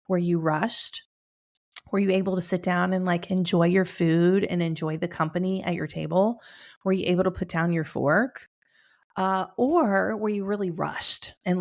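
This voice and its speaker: A middle-aged woman hosts a wellness talk from her home, upbeat and chatty, often breaking into a laugh. Her voice sits a little low, with a gravelly fry at the ends of phrases. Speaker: podcast host. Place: home room with bookshelf.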